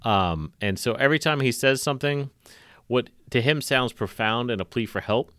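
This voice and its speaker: Man, podcast co-host, casual comedic chat, rambling, self-mocking, bright voice, dry sound. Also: mid-range voice, moderate pace, clean tone, no echo.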